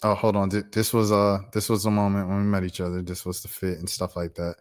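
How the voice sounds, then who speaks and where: A man around thirty telling a personal story on his vlog in a casual, slangy, animated way. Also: low voice, fast talker. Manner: animated, slangy, acts out voices. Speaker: YouTuber.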